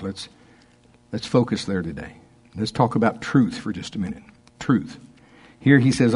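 Male pastor, low husky voice, relaxed conversational preaching, chuckles between points. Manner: conversational preaching, laughs often, slows to stress scripture. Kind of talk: sermon.

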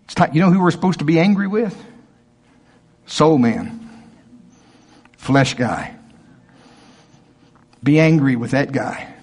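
A man preaching a sermon as a pastor, acting out objections from his listeners in a higher voice. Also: slow pace, pauses often. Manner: animated preaching, voicing objections in a higher pitch.

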